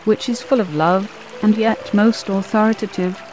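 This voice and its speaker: A woman's voice: mid-range voice, fairly even intonation, normal speed, noisy background. A woman narrating an audio drama in a solemn, descriptive reading. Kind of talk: scripted narration.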